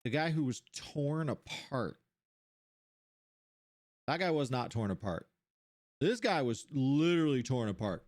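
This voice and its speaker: An animated streamer, thinking aloud while playing a game, voice jumping up high when surprised. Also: measured pace, pauses often. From Seattle area, USA. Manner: animated, puzzling things out, sudden jumps to high pitch.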